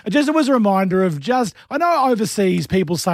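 An Australian man co-hosting a radio show from the studio. He tells stories in a chatty, playful way. His voice sits high, and it sounds close and dry on the mic. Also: sing-song, quick pace, no echo. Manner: chatty storyteller, playful, laughs often. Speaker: radio co-host. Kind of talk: casual radio banter.

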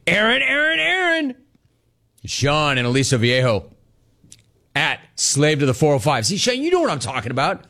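A man's voice: mid-range voice, sing-song, normal speed, a bit bright. A middle-aged man hosting a live call-in show, reading viewer messages aloud in a brash, jokey, teasing manner. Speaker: talk show host.

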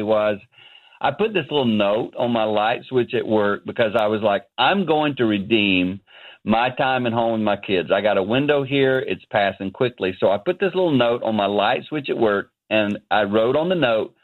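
A man in his fifties, a ministry founder, telling a personal story as a radio guest from his office. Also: mid-range voice. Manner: earnest, animated storyteller. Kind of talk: phone-in interview, storytelling. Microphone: phone line. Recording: tinny phone line.

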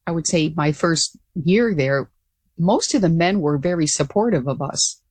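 An older woman being interviewed as a guest, telling her story in an earnest, animated way with frequent restarts. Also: deep voice, unhurried, breathy edge, dry recording. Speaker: guest, former pilot.

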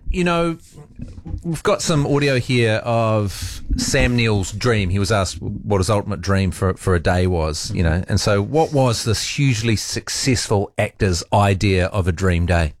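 A man's voice: lowish voice, unhurried. A male radio host, chatting affably with a caller. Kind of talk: radio talk show.

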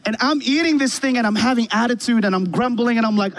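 A man's voice: very high-pitched, quick pace, few pauses, fairly bright tone, low-quality recording. A man preaching a conversational sermon from a church stage, telling a personal story and asking the congregation rhetorical questions. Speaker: pastor. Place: church stage with a worship band. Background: faint keyboard pad music.

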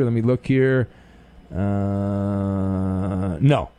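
A man hosting a call-in sports radio show, answering callers in a deadpan, sarcastic way. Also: on the low side, slow pace, clean tone. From Orange County, California. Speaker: radio host.

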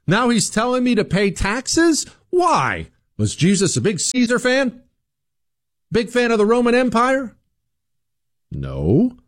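A male commentator talking straight to his listeners in an emphatic monologue, his voice leaping up and down in pitch. He repeats words and restarts phrases as he pushes his points. The sound is dry and close, with no room around it. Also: takes it slowly, no room sound. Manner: emphatic, animated, rhetorical questions, acts out quoted voices. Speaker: political commentator host.

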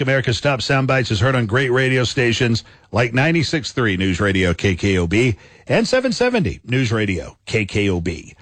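A man's voice: mid-range voice, fairly bright tone, no room sound. A man hosting a scripted radio countdown of soundbites in a punchy announcer style.

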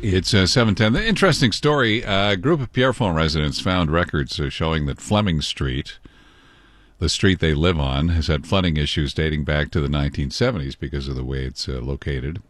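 A man hosting a morning radio show, interviewing a guest and often pausing with fillers and restarts. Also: very deep voice, no echo. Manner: halting, many fillers and restarts.

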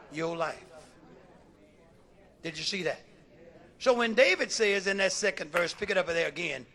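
A man preaching a fiery sermon as a bishop, shouting and repeating phrases rhythmically and calling out to the congregation. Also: high voice. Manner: shouting, rhythmic repetition, call-and-response.

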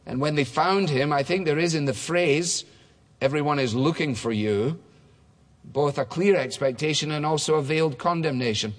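A man's voice: fairly high pitch, a little fast, hardly any pauses. A man preaching a conversational sermon, now and then acting out the voices of people in the story. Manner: conversational, acts out dialogue voices. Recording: long hall reverb.

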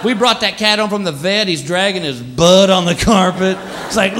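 Male stand-up comic, high lively voice, plays his pets for laughs; live room with crowd noise. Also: moderate pace. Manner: animated, acts out pets in funny voices. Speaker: stand-up comedian. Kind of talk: stand-up routine. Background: audience laughter.

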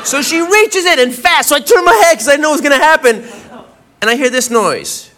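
A man's voice: very high-pitched, very animated, fairly quick. A man doing stand-up, telling a rambling story and often breaking into giggles on a comedy club stage. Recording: live club recording with audience noise.

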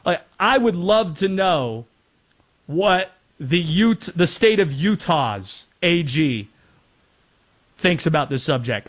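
A man's voice: on the high side, expressive, slow pace. A man from North Carolina hosting a casual sports talk show, chatty with rambling asides. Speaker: sports radio host.

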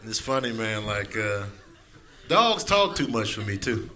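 A man's voice: sing-song, unhurried, pushed and bright, slight background noise. A man doing a stand-up set in a club with a laid-back delivery. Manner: laid-back, drifting into high-pitched animal voices. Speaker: stand-up comedian.

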